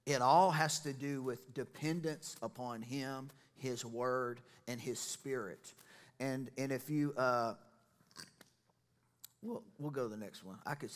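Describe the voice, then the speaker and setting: Excitable preacher man. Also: mid-range voice. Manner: excitable, joking with the congregation. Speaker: pastor. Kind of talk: sermon.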